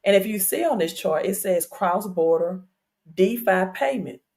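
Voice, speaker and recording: A woman with a mid-range, slightly mellow voice hosts a casual crypto livestream, speaking unhurriedly with lively intonation. She addresses her viewers directly in a chatty, insistent way, using fillers and repeating questions. Her audio comes through a streaming setup.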